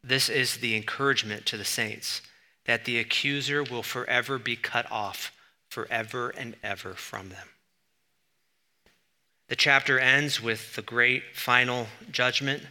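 Male preacher, conversational sermon delivery, emphatic bursts, very bright cutting voice. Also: mid-range voice, steady tone, a little slow. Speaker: pastor. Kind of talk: sermon teaching.

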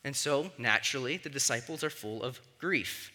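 A man preaching a sermon as a pastor, teaching in a conversational way and often checking in with his listeners with a quick "right?". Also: medium pitch, expressive, pushed and bright.

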